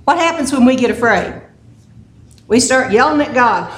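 Woman preacher, high voice, unhurried conversational sermon, echoey room. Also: expressive, a bit bright. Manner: conversational storytelling with humorous asides. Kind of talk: casual sermon. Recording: echoey room with faint noise.

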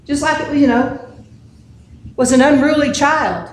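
Woman preacher, high voice, unhurried conversational sermon, echoey room. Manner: conversational storytelling with humorous asides. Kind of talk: casual sermon. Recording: echoey room with faint noise.

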